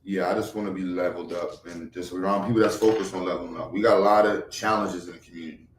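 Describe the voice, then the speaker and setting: A man's voice: fairly even intonation, quick pace, far from the mic, slight background noise. Rambling guy, echoey room. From Brooklyn, New York. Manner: rambling, swings from loud outbursts to low mutters. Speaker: livestream host. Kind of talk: casual livestream chat. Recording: echoey room, away from the mic.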